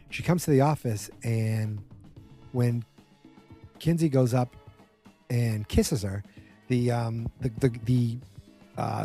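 Dark-voiced man rambling through a recap. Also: mid-range voice. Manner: rambling, with many fillers, acting out quoted lines. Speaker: episode recap host. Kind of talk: casual spoken episode recap.

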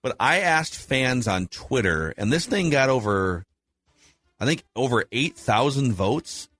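This podcast host's mid-range voice has lively intonation and a fairly bright tone, and he talks a little slowly. On his casual sports show he takes an analytical approach, presenting poll results and putting questions to his co-host.

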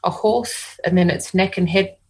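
Chatting casually, this Australian animal communicator and hypnotist rambles through her stories, often starting over and leaning on "you know." She has a fairly low, slightly mellow, husky voice at normal speed, captured on a rough recording.

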